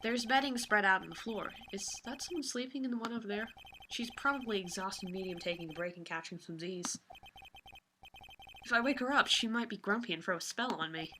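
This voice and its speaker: A woman's voice: medium pitch, pushed and bright, a little hiss or hum. A woman hosting a let's play, reading game text aloud with playful, sarcastic asides and casual swearing.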